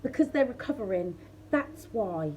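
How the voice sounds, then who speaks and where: A woman's voice: mid-range voice, animated, normal speed, dark tone, slight background noise. A woman tarot reader chatting casually to her viewers, laughing often and talking straight to the audience. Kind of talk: casual tarot reading chat.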